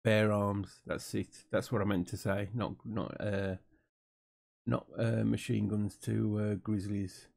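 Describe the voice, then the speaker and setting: A man's voice: on the low side, level tone, slow pace, creaky, darkish tone. Dry, mocking British man. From United Kingdom. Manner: dry, mocking, many fillers. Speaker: commentator reacting to an interview. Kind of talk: casual sarcastic commentary.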